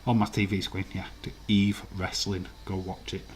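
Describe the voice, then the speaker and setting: A man's voice: sits low, little pitch movement, moderate pace, a little hiss or hum. A man hosting a casual quiz live stream, reading out viewers' answers and swearing now and then.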